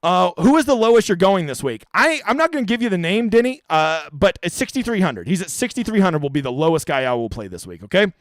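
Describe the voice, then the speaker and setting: Brash young man, fast talker, high lively voice, dry close sound, live stream Q&A. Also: no room sound. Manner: brash, jokey, crude banter. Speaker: fantasy golf streamer.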